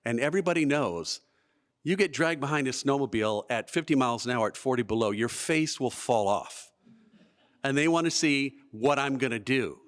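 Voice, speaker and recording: A man's voice: medium pitch, moderate pace. Guy doing live storytelling at a museum event, wry, jokes at his own expense. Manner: self-deprecating, comic timing. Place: museum event space before an audience.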